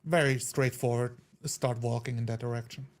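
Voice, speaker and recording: A man's voice: medium pitch, steady tone, moderate pace. A man playing a tabletop game, loosely narrating his character's actions. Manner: loose, rambling action descriptions. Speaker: player. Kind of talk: tabletop role-play.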